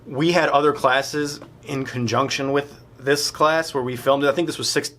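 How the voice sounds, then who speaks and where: A man's voice: mid-range voice, fairly even intonation, moderate pace, fairly bright tone. A young man casually commenting on his old student film in a rambling, self-mocking way. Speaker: filmmaker reacting to his old films.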